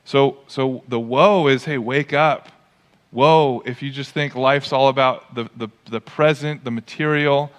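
Animated preacher man in echoing hall. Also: mid-range voice, unhurried. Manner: animated, acts out quoted voices. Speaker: pastor. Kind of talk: sermon. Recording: long church hall reverb.

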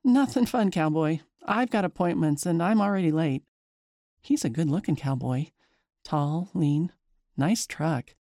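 A woman narrating a scary story in the first person in a lively, chatty way. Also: sits low, a little slow, no echo, studio quality.

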